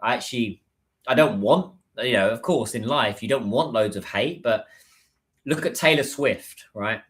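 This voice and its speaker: A man's voice: medium pitch, moderate pace, a bit bright. A middle-aged man chatting casually on his livestream, rambling and hunting for words with lots of ums and uhs. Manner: rambling, searches for words with many fillers. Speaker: livestream host.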